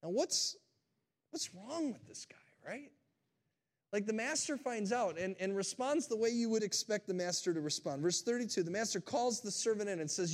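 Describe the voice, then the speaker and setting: High-voiced pastor preaching with animated storytelling. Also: male voice, moderate pace. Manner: animated storytelling, talks straight to the congregation. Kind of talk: sermon.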